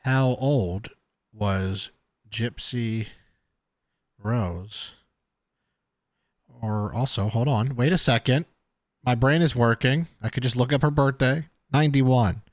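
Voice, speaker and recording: A man's voice: mid-range voice, slow, long pauses, no echo, clean studio sound. A man giving casual reaction commentary on a video, chatty and thinking aloud as he talks. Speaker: reaction streamer.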